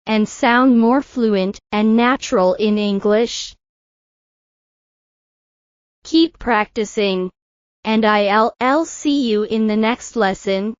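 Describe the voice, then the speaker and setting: A woman teaching English pronunciation in a scripted lesson, slowly and carefully modelling words for learners to repeat. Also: on the high side, dry recording, highs cut off.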